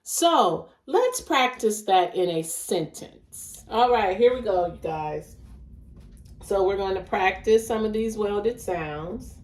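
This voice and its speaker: A woman teaches a phonics lesson, sounding out each chunk of a word with deliberate emphasis. She speaks very slowly, and her voice sits a little away from the microphone, with the echo of the room around it. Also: medium pitch, lively intonation. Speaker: reading teacher. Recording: echoey room, voice a bit far from the mic.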